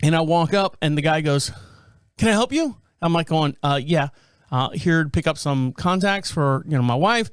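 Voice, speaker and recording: Man, middle-aged, podcast host, rambling casual storytelling, high clean voice. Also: moderate pace, clean tone, dry recording. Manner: rambling anecdotal delivery, acts out quoted people.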